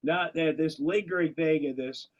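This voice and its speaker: A man's voice: fairly high pitch, normal speed, dull audio. Rambling man hosting a podcast. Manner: rambling, self-interrupting storyteller, swears casually. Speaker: podcast host. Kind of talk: casual chat.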